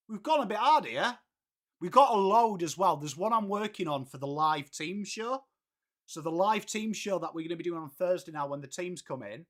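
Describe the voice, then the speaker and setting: A high-pitched Englishman in his late thirties, with a bright, forward voice. He hosts a live stream in a loose, chatty way and calls everyone mate. He greets viewers by name. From England. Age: late 30s. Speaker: livestream host. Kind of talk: casual live-stream chat.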